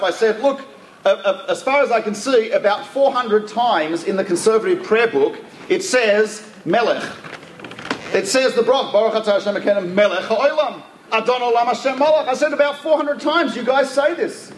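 A man with an Australian accent, a rabbi telling anecdotes in a lively religious talk, often restarting his sentences. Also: extremely high pitch, fairly quick, echoey room, slight background noise. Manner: animated anecdotal storytelling with restarts.

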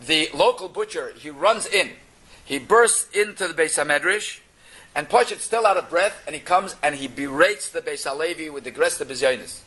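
A man telling a Torah story in an animated way, mixing Yiddish and Hebrew terms into his English. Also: a little high, poor audio.

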